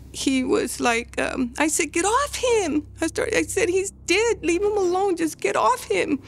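An older woman, a grandmother, telling her story in a documentary interview, speaking haltingly and emotionally with many restarts. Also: sits high. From Texas.

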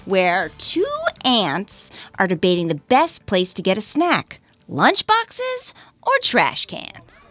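A woman's voice: mid-range voice, big pitch swings, slow pace, a bit bright, soft background music, full character voice. A woman playing a bubbly TV co-anchor. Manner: bubbly broadcaster delivery. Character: perky female co-anchor, debate champion.

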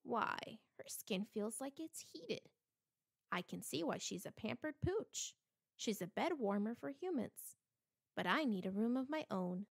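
A woman voicing a curious, adventurous male dog in a children's storybook, speaking in a lively, exclaiming way. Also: on the high side, measured pace, gravelly, exaggerated voice.

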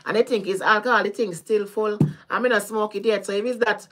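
A woman's voice: medium pitch, fairly quick. Caribbean woman chatting on a live stream. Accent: Caribbean, Jamaican-style patois. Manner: chatty and animated, swears freely, laughs often. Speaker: tarot reader. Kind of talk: casual live-stream chat with viewers.

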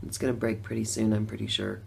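Gravelly middle-aged woman telling her story. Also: extremely low pitch, completely flat delivery, quick pace, slight background noise. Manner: chatty storytelling, laughs between lines, swings from hushed to loud. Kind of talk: personal testimonial vlog.

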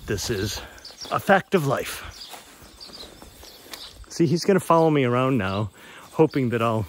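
A man's voice: medium pitch, lively intonation, unhurried. Guy chatting to the camera outside on a farm, coos at his pig in a sing-song voice, birds and noise in the background. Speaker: pig owner filming his pet. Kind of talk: casual outdoor vlog narration. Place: outdoors on a rural farm.

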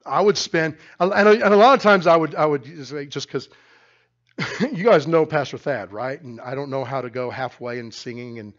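Middle-aged male pastor, loud emphatic sermon, slightly high voice, muffled lo-fi church recording. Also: normal speed. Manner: loud, emphatic preaching with frequent restarts. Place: church sanctuary.

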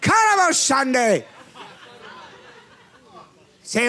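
A man preaching a charismatic sermon as pastor, fervent, with shouted declarations and drawn-out emphasis. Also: very high-pitched, very animated. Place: church sanctuary.

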